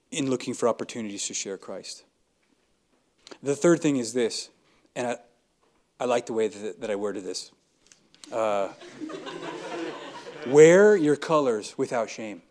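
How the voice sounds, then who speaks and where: A young man preaches in an earnest, talky way and slips into little acted-out conversations. His voice sits at an ordinary middle pitch. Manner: earnest, conversational, acts out dialogue. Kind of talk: sermon.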